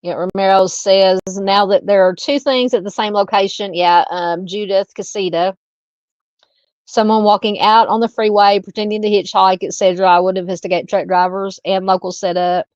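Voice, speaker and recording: This true crime live stream host from Arkansas, speaking with a Southern Arkansas accent, stops and starts as she thinks aloud over viewer comments. Her mid-range voice has a clean tone and fairly even intonation, and the audio is dull but free of echo.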